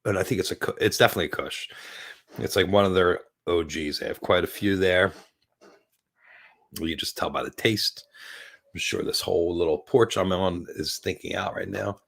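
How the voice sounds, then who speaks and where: A man in his fifties hosting a casual live stream from a porch, rambling and giggling while very high. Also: creaky, fairly bright tone. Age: 50s. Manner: rambling, giggly, stoned and slowing down. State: very high on cannabis. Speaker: livestream host. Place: outdoor porch.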